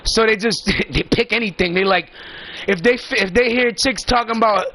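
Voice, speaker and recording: Man, high-pitched, rambling and profane, emphatic casual storytelling. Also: normal speed, bright, forceful tone, dry recording.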